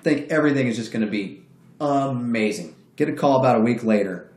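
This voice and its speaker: A man's voice: mid-range voice, brisk, darkish tone. A man telling a story in a casual, profane way, acting out the voices of the people he quotes. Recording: roomy echo.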